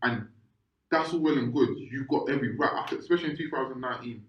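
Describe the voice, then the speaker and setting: A man's voice: mid-range voice, fast. A man, co-hosting a podcast in casual chat, rambling with many restarts and checking if you understand. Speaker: podcast co-host. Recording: echoey room, slightly muffled sound.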